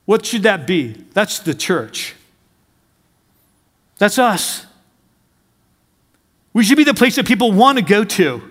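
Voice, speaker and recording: A man's voice: high voice, sing-song, takes it slowly, long pauses, a bit bright, in a large hall. A middle-aged male pastor preaching a conversational sermon, asking his congregation questions and mixing in humor.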